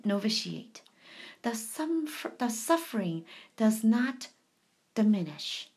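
A woman's voice: on the high side, animated, slow pace, husky. A woman hosting a devotional channel, reading aloud from a saint's diary and breaking off into chatty, emotional asides, with sudden whispers and sing-song bits.

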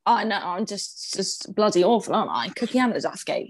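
A young woman chatting casually, animated, swearing freely and laughing often. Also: mid-range voice, fairly quick, hardly any pauses. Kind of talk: casual chat.

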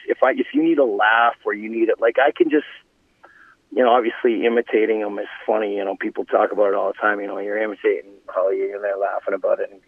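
A middle-aged former hockey player swaps stories with lively, laughing energy and plenty of restarts. His voice is husky and sits a little low. It comes through a dry, tinny phone line. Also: no echo. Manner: animated anecdotes, laughing, restarts. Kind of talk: casual storytelling.

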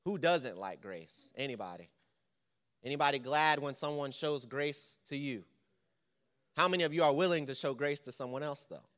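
A man's voice: mid-range voice, lively intonation, moderate pace, a bit bright. A man preaching a church lesson, conversational and quizzing the congregation with questions. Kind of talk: sermon.

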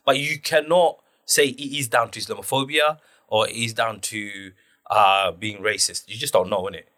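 A man's voice: fairly low pitch, normal speed. A man telling stories animatedly in a casual podcast chat, full of slang. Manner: animated storyteller, loose slang, acts out quotes.

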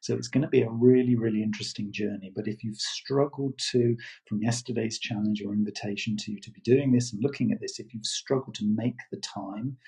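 A man's voice: lowish voice, creaky, a little mellow, breathy edge, low-quality recording. A man coaching listeners in a reflective, earnest talk, thoughtful and full of fillers. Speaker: self-development coach.

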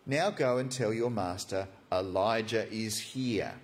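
A preacher doing Elijah, a calm prophet. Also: male voice, on the low side, unhurried, voice pushed down. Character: calm, steady old prophet man. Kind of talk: sermon storytelling.

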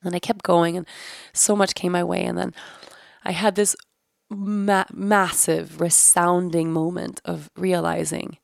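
A woman's voice: lowish voice, little pitch movement, a little slow, vocal fry, dry recording, studio quality. A woman in her thirties, hosting a podcast, candidly and searchingly recounting a personal experience and swearing casually. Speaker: podcast host. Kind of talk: reflective personal storytelling.

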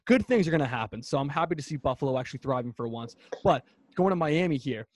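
Fast-talking high-voiced male sports podcaster. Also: dry recording. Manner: fast, animated ranting. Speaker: podcast co-host. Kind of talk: casual sports talk.

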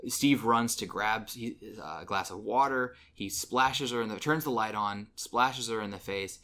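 A man talks through a film scene by scene on a casual review podcast. His voice sits low but has a bright, forward edge. He fills pauses with ums and restarts his sentences. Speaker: podcast co-host.

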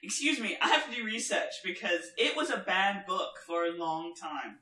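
A woman in casual podcast chat who rants with gusto, swears freely and laughs a lot. Her voice is bright and forceful. The recording carries a roomy echo. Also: medium pitch, moderate pace. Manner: animated, ranting, swears freely, laughs often. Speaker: podcast co-host.

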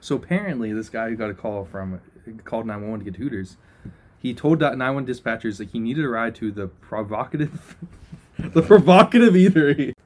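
Lively, laughing young male podcast co-host. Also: medium pitch, a little fast. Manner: laughing, playful, reads news items aloud. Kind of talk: casual podcast banter, reading headlines.

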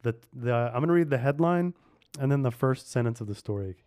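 Man, playful family podcast host, laughs a lot, asks kids questions, middle-pitched voice. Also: lively intonation, fairly quick, darkish tone. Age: adult. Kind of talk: casual family podcast chat.

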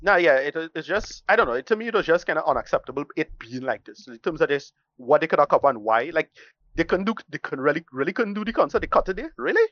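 Fast talking guy ranting about a movie, kinda high voice, swears a lot, dry dull mic. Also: very animated, no room sound. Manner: blunt, rambling, swears freely, uses Caribbean-style English. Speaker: co-host and film reviewer. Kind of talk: casual podcast film review.

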